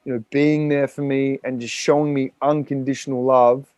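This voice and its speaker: A man's voice: medium pitch, level tone, normal speed, darkish tone, clean tone, no echo. An Australian man, a podcast guest, telling a raw personal story with frequent swearing and rambling fillers.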